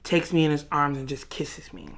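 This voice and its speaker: A woman vlogging in a casual, frank chat to camera, telling stories in an animated, dramatic way. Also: low-pitched, moderate pace. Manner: frank, outspoken.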